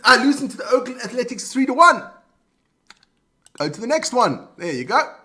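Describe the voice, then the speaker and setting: A man's voice: very high voice, fairly bright tone. A man co-hosting a casual live sports roundup, reading scores with chatty asides while his voice wears out. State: voice wearing out. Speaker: sports show co-host.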